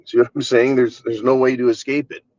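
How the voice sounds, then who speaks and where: A man's voice: medium pitch, little pitch movement, a little fast, darkish tone, dry recording, highs cut off. A man hosting his own channel, ranting bluntly and with exasperation, swearing freely. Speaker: channel host. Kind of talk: casual political rant.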